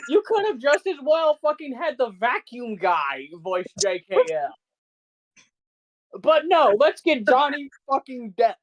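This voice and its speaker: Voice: high-pitched, very animated, measured pace, highs cut off. A podcast co-host ranting in casual chat, swearing constantly and sounding incredulous.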